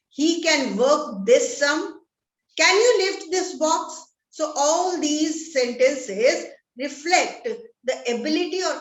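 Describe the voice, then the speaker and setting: A woman with an Indian English accent teaching a grammar lesson, speaking deliberately and reading example sentences aloud with stress. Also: high voice, a bit bright. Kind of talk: classroom-style grammar lesson. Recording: echoey room.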